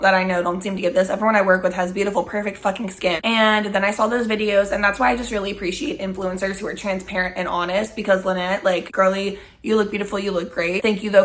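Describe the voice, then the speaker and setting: A woman's voice: mid-range voice, a bit bright. Woman, mid-twenties, casual vlogger, chatty, blunt, salty language. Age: 20s. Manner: candid, swears freely, chatty and rambling. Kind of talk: casual chat while smoking.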